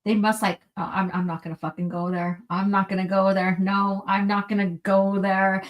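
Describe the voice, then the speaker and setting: A young woman hosts a casual livestream from home indoors, reading the chat aloud in a mid-range voice with a flat delivery at a moderate pace. She rambles, giggles often and swears a lot.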